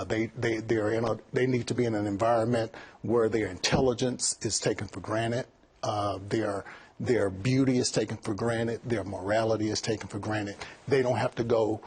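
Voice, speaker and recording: A man's voice: on the low side, breathy edge. A middle-aged man, a college president, answering interview questions earnestly and often repeating words as he thinks.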